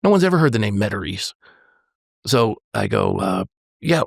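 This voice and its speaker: Older pastor guy on a podcast, gravelly, stops and restarts a lot, dry close mic. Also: fairly low pitch, very animated, fairly bright tone, no room sound. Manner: earnest, halting, with frequent restarts and quoted dialogue. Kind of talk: personal storytelling in a podcast conversation.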